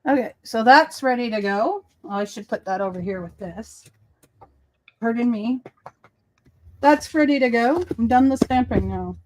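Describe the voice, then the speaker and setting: A woman's voice: fairly high pitch, animated, moderate pace, a little mellow, a little hiss or hum, rough recording. A woman hosting a casual crafting livestream, chatting and telling stories while she works. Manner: chatty, storytelling. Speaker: host.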